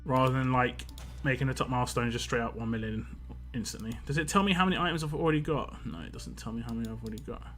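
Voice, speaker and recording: A man's voice: medium pitch, fast, hardly any pauses, a bit bright, faint music behind. A British man chatting casually while live-streaming a mobile game and reading out viewer comments in a rambling, chatty way. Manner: chatty, rambling, reads chat comments aloud.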